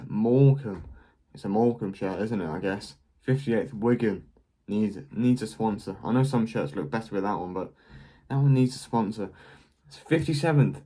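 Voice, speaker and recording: A man's voice: on the low side, mellow. Blunt, offhand young man ranking football shirts. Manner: blunt, offhand, jokey verdicts in quick bursts. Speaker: football kit reviewer, channel host. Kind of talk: casual vlog ranking commentary.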